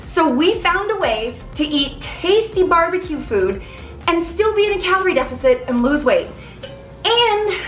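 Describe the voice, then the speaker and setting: Bubbly high-voiced woman in echoey room. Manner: bubbly and excited, talks fast in bursts. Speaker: vlog host. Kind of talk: casual cooking vlog. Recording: echoey room with faint music.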